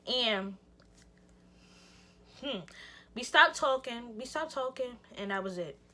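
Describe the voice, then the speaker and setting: Animated young woman telling a storytime. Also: fairly high pitch, slow pace. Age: young adult. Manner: animated, emphatic, swears freely, acts out her own reactions. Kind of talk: casual storytime vlog.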